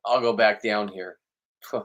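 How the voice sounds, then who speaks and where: A man's voice: on the low side, fairly even intonation, measured pace, fairly bright tone, dull audio. A man hosting his own vlog, talking casually to viewers in a rambling, joking, boastful way. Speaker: vlog host.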